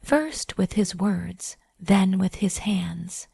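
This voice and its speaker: A woman narrating a dramatic story in a soft, breathy whisper, as whispered role-play. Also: medium pitch, lively intonation, drawn-out words, no room sound.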